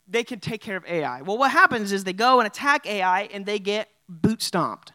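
A man's voice: sits high, sing-song, normal speed, hardly any pauses, sharp tone, no room sound. A man preaching a sermon as a pastor in a casual, conversational way, with plenty of fillers. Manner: casual and conversational, with many "like" and "you know" fillers.

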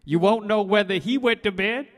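A man's voice: high-pitched, moderate pace, big-room sound, natural voice. An actor voicing a computerized salesman who delivers sing-song rhyming sales patter. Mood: pitching.

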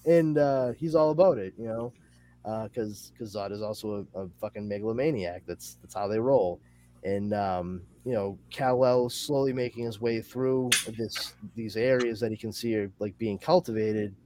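A male podcast host chatting casually, summarizing a comic in a rambling, animated way with lots of fillers. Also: on the low side, moderate pace. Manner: rambling and animated, with many fillers and excited asides.

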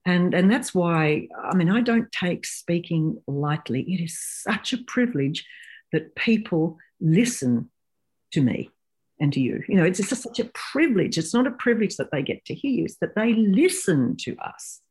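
A woman in her sixties, a professional speaker telling stories in a podcast interview and acting out quotes with lively shifts of voice. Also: on the low side, moderate pace, breathy edge.

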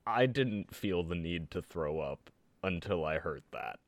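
A hungover man co-hosts a casual podcast, laid-back and wry in his remarks. His voice is very deep. The sound is close and dry. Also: lively intonation, a little slow, no room sound. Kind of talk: casual chat.

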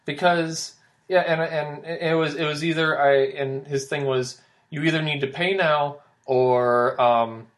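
A man's voice: fairly high pitch, steady tone, a little slow, fairly bright tone. A young man co-hosting a casual podcast, telling a long story with lots of fillers and restarts. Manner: rambling storytelling with many fillers. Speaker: podcast co-host.

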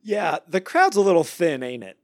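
A man hosting a casual podcast chat, animated and laughing, mockingly reading lyrics aloud. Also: high voice, moderate pace. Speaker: podcast host.

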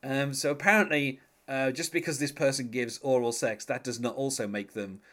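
An English man co-hosting a relaxed chat about a song, wry and chatty, breaking into laughter as he goes. He slips into a low murmur when quoting lyrics. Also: normal speed. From England. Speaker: podcast co-host. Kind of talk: casual chat about music.

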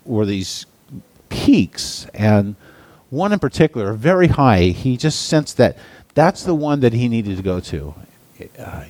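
Brief: male preacher, storytelling sermon, animated and halting, dry close sound. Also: no echo. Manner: halting, lots of restarts and uh's, emphatic pitch swings. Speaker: pastor or Bible teacher.

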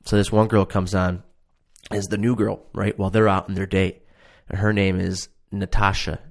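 A man's voice: low-pitched, flat delivery, moderate pace. A man casually ranting about a reality show he watched, profane, sarcastic and exasperated. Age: adult. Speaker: show reviewer.

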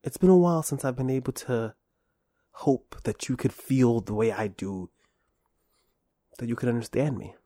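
A man hosting a solo podcast, playful and self-deprecating, rambling with restarts and swinging between whispery asides and sudden loud bursts. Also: mid-range voice, moderate pace, long pauses, no echo, clean studio sound. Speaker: podcast host. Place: small room, recording alone. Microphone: close studio microphone.

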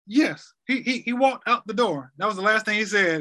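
Man, 30s, podcast guest; high, very bright voice; halting, repetitive retelling. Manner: halting, repeats words, retells quotes. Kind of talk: emotional personal story.

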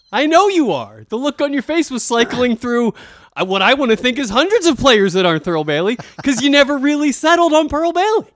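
A man's voice: very high voice, expressive, normal speed, dry recording, studio quality. A man co-hosting a podcast in casual banter, teasing his friend, swearing freely and laughing often. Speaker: podcast co-host.

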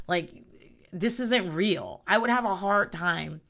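A woman's voice: medium pitch, slow, vocal fry, a bit bright. A woman in casual chat, recapping a reality show in a blunt, rambling way and swearing often.

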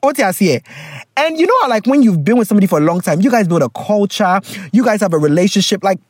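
A vlogger reading a viewer's letter aloud and reacting with animated, laughing commentary in casual storytime style. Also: mid-range voice, quick pace, slightly rough, no echo.

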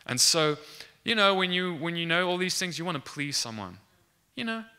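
A man's voice: fairly high pitch, animated, normal speed, bright, forceful tone, smooth. A young man earnestly telling a faith testimony from his student days, acting out the dialogue and often restarting his sentences. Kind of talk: animated testimony storytelling.

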